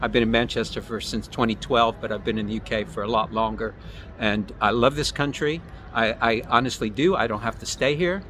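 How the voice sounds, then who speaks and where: An American man chatting outdoors as a guest, halting and repeating words as he thinks aloud. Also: mid-range voice, fairly bright tone, a little hiss or hum. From United States. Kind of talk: casual street conversation.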